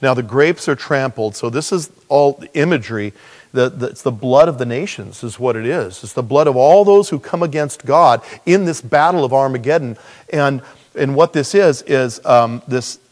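A male pastor preaching a sermon, animated, with rhetorical questions and sudden jumps in pitch. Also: moderate pace. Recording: long reverb of a large hall.

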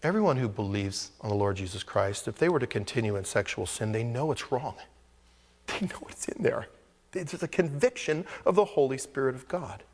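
A man's voice: mid-range voice, moderate pace. Preaching man in an echoing church hall. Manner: animated preaching, swinging between loud exclamations and hushed asides. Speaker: pastor. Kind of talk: sermon.

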